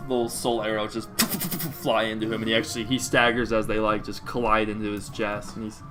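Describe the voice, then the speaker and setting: A man narrating as game master of a tabletop game, halting with many fillers. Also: on the low side, fairly even intonation, over music. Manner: hesitant, full of fillers.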